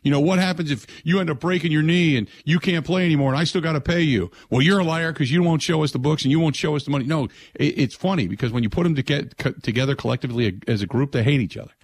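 A man's voice: fast, few pauses. A man hosting a sports talk radio show, chatting casually and mimicking others in exaggerated voices. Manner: animated, mocks others in high put-on voices.

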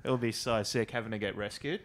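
A man's voice: on the low side, fast. A man co-hosting a podcast, cheeky and swearing freely as he tells crude stories. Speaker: podcast co-host. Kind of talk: crude casual banter.

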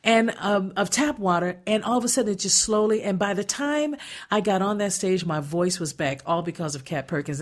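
A woman hosting a radio talk show, chatty and emphatic, often restarting her sentences. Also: lowish voice. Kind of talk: casual radio chat. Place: radio studio.

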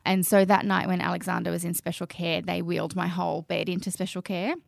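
A woman, telling her birth story in casual, animated conversation. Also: lowish voice, a little fast, vocal fry, dry recording, clean studio sound. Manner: chatty, animated quoting of others. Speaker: guest sharing birth story.

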